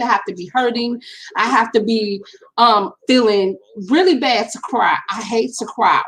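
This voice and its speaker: A middle-aged woman with a somewhat high voice speaks in a casual storytime while doing her makeup. She talks earnestly and directly to her viewers, going back over her points again and again. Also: fairly bright tone, poor audio. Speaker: vlogger.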